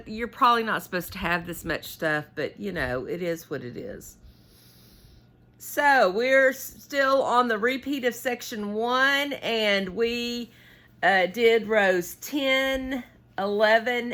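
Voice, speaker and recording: A woman's voice: on the high side, lively intonation, slow pace, pushed and bright. A woman hosting a casual knitting tutorial, chatty and rambling as she laughs at herself. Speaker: knitting channel host.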